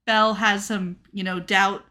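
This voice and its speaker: A woman's voice: medium pitch, flat delivery, unhurried, pushed and bright. A woman co-hosting a podcast, recapping a TV episode in casual, sarcastic chat and swearing freely. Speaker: podcast co-host.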